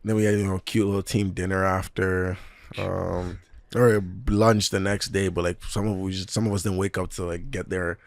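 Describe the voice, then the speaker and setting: A man's voice: low voice, moderate pace, creaky, no room sound. A young man, a professional footballer, telling stories in a casual interview with lots of slang and laughter. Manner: animated, laughing, slang-heavy storyteller.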